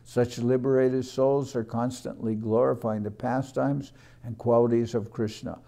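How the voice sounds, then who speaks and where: A man, a monk leading a morning class, reading scripture aloud in a measured way, repeating phrases and adding short explanations. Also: mid-range voice, flat delivery, vocal fry, mellow. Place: ashram class room.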